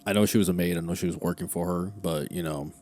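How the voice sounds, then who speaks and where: A man's voice: deep voice, steady tone, fast, dark tone. A man hosting a true crime podcast in casual, rambling chat, swearing freely and drifting into asides, recorded at home. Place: at home, room with a heater.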